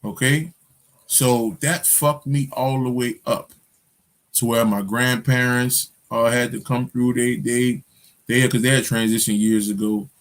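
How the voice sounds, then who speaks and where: A man's voice: mid-range voice, steady tone, measured pace. A man hosting his own channel, telling a story in a loose, profane monologue full of street slang, fillers and restarts. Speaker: spiritual channel host.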